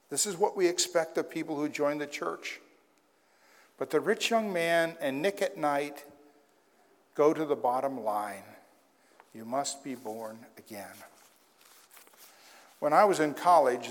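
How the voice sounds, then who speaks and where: A man preaching a sermon as pastor in a conversational way, with wry asides. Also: a little high. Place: church sanctuary. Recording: long hall reverb.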